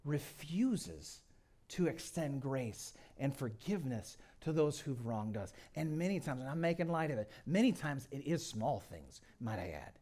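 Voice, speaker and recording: A middle-aged man preaching a sermon. He tells the story dramatically, swinging from loud to hushed. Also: medium pitch, very animated, a little slow. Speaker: guest pastor.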